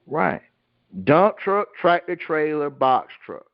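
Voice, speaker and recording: A man's voice: fairly high pitch, slow, no echo, highs cut off. Blunt, colloquial man teaching on a call. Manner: asks the listeners rhetorical questions and fills in the answers. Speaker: host teaching a group call. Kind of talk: casual teaching talk.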